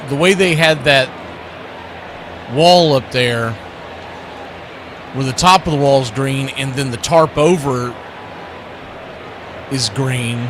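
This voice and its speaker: A man hosting radio baseball play-by-play, mixing chatty opinions between pitch calls and lifting his voice for big plays. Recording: noisy background.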